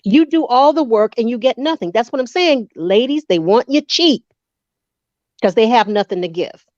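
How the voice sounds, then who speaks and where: A woman's voice: on the high side, normal speed, dry recording. A woman speaking emphatically on a casual commentary panel. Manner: animated, emphatic. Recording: dull, dry lo-fi audio.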